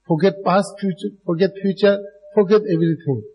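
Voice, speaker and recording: A Buddhist dharma teacher whose voice sits high, with a dark tone and breathy edge, talks briskly in a low-quality recording. Facing a live audience, he speaks to them directly in broken, non-native English and often chuckles.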